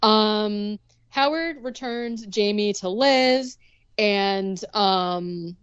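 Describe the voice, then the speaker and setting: A woman's voice: medium pitch, very slow, clear, resonant tone, no echo, lo-fi sound. A woman co-hosting a podcast, recapping a movie plot in casual chat, with lots of ums and likes. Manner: rambling, full of ums and likes, bursts into bubbly impressions. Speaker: podcast co-host.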